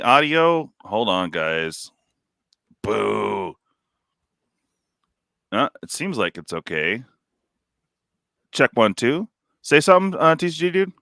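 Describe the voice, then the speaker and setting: Dude streamer rambling away, bright clear voice, dry close sound, lots of "like". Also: male voice, medium pitch, sing-song, takes it slowly, long pauses, no room sound. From California. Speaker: stream host. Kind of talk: casual live-stream chat.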